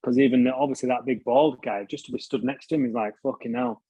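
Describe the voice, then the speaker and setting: A man's voice: medium pitch, fairly even intonation, fast talker, mellow, slightly rough, no echo, poor audio. A British man telling stories as an interview guest, casually, swearing freely and laughing at himself. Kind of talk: casual storytelling.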